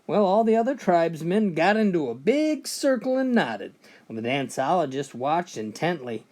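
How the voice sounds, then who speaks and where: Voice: mid-range voice, big pitch swings, normal speed, darkish tone. A joke teller reading out a run of short funny stories, switching briefly into voices for the characters.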